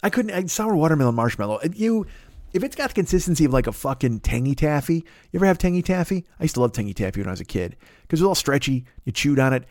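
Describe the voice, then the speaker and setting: This man in his 50s speaks fast in a high-ish voice, recorded in clean studio quality with no room sound. Hosting a podcast, he rambles through a crude, animated comic monologue.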